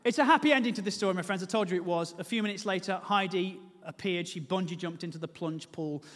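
A man's voice: high voice, fast talker, fairly bright tone, long reverb tail. A man preaching a sermon, telling a comic personal story and then pleading earnestly with his listeners.

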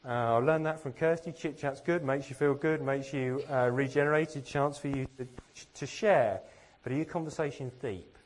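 A man's voice: mid-range voice, normal speed, few pauses. A man from England giving a sermon, earnest and self-deprecating, with plenty of rhetorical questions. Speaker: preacher.

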